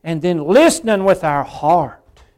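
Man, preacher, higher voice, fervent sermon, hushed to loud swings, scripture quoting. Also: animated, measured pace. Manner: addresses congregation as folks and brother; quotes scripture in old-style wording. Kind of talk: evening church sermon.

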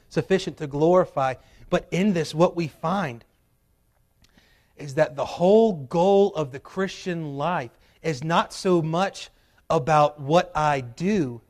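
A male pastor preaching a sermon in a church, swinging between loud urgent peaks and quiet drops. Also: a little high. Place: church sanctuary.

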